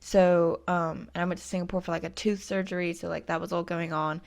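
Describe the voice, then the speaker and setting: A woman in her early twenties chats through her story in a casual vlog, peppering it with fillers and wry asides. She talks with a lisp from a missing tooth, in a lowish voice with plenty of vocal fry. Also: little pitch movement, a little fast, darkish tone. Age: 20s. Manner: chatty, frequent "like" fillers, self-deprecating. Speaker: vlogger.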